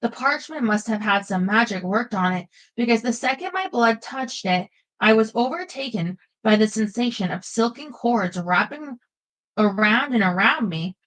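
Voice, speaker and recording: A woman giving a lively first-person audiobook narration. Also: a little high, moderate pace, rough recording.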